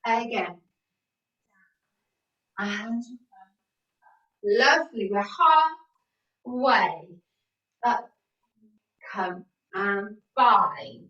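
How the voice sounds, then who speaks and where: A woman's voice: medium pitch, extremely slow, long pauses, a bit bright, far from the mic, muffled recording. A woman fitness instructor leading an exercise class over a video call, encouraging and counting out the moves. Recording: echoey room, away from the mic.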